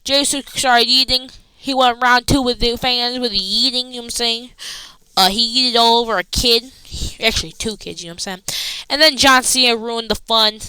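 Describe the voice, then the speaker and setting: A woman casually recapping a wrestling show, rambling excitedly with slangy asides. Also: a little high, clean tone, no room sound, rough recording.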